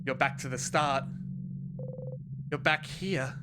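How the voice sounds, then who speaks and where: A streamer on a game playthrough, reading the narration dramatically in the second person, with quick asides. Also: mid-range voice, expressive, noisy background. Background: game music.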